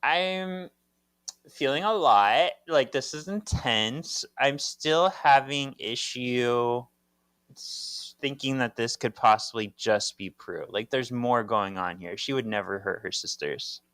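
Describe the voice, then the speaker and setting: Male podcast co-host, even middle pitch, dry close mic, calm narrator of the recap. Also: takes it slowly, dry recording. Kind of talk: casual recap chat.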